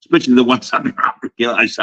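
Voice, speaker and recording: A man's voice: medium pitch, fairly even intonation, fast, pushed and bright, dull audio. A slightly drunk Australian man, a wrestling promoter, telling rambling, profane, boastful stories in a casual podcast chat. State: a little drunk.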